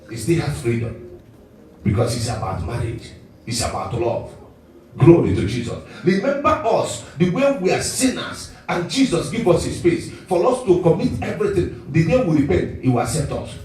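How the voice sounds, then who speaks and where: A man preaching a sermon as pastor, animated and often chuckling as he talks. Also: a little high, moderate pace, a little hiss or hum. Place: church hall. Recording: echoey church hall, mic at a distance.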